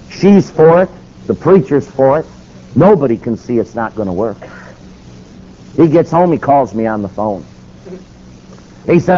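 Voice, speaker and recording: A man telling a personal story to an audience in an animated sermon style. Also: mid-range voice, moderate pace, long pauses. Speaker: speaker. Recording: dull lo-fi recording with faint hiss.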